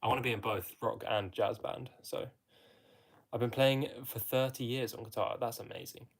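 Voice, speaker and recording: A young man with an English accent hosts a live stream, casually reading out and answering viewer comments, chatty and fond of the friendly filler "mate." His mid-range voice is steady and slightly rough, with vocal fry, at a moderate pace.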